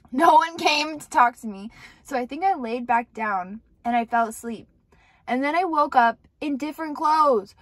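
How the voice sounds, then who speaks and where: A young woman with a high-pitched voice, recorded without echo, rambles candidly through a casual storytime monologue about her personal life. Her talk is full of filler words and cursing.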